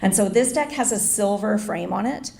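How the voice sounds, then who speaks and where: A woman's voice: medium pitch, normal speed, gravelly, darkish tone. A middle-aged woman telling a personal story in an earnest, confessional way as a speaker at an inspirational event. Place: hotel event room. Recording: echoey room.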